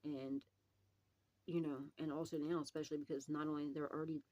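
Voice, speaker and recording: A woman's voice: low-pitched, flat delivery, a little fast, a little mellow, dull audio. A woman doing a casual psychic tarot reading, swearing freely, rambling and laughing often.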